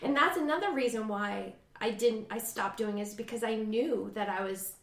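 A woman's voice: a little high, normal speed, gravelly, echoey room. A woman chatting casually about dating, reflective and hesitant, often correcting herself. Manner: reflective, hesitant, self-critical.

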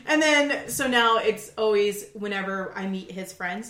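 A woman chatting casually about dating, telling animated stories full of quoted lines and swearing. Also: medium pitch, moderate pace, hardly any pauses, echoey room.

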